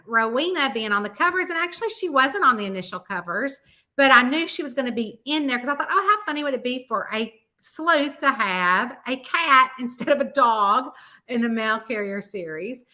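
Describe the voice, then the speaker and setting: A woman's voice: fairly high pitch, pushed and bright. A middle-aged woman with a Southern US accent, casually chatting with her audience as host and telling a long story full of quoted voices. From American South. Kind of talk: casual chat.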